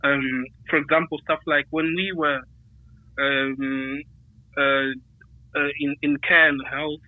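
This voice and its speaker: A male guest from the United Kingdom talks casually about running a business, hesitant and full of fillers and restarts. His voice is fairly high with little pitch movement and a slow pace, heard over a tinny, dry phone line with no echo.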